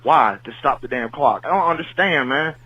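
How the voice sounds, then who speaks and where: A man's voice: medium pitch, animated, normal speed, breathy edge, no echo, muffled recording. A man calling in to a podcast, ranting furiously and cursing nonstop. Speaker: caller. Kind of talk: angry fan call-in rant.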